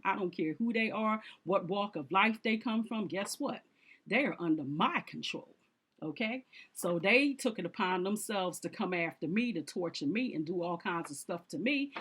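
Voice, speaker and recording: Low-voiced woman talking emphatically to camera. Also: fairly bright tone. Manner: emphatic and repetitive, talking straight at the viewer; informal, with fillers and short laughs. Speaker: vlogger. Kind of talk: casual monologue to camera.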